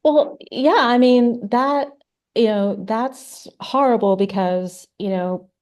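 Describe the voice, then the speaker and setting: A woman's voice: on the high side, slow, a little mellow. A middle-aged woman, a forensic artist, speaking earnestly in a casual interview, often restarting her sentences.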